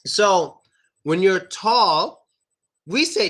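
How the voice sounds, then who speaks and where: Upbeat young American male pronunciation teacher, high bright voice, drills words one by one. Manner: lively, repeats words slowly for demonstration. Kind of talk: online pronunciation lesson.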